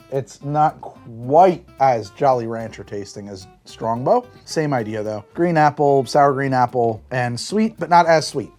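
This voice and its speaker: A man's voice: a little high, a little mellow. A man hosting a comedic cider tasting review, sarcastic and scolding the drinks directly as if they could hear him. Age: adult, says he is not that old. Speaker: drinks show host.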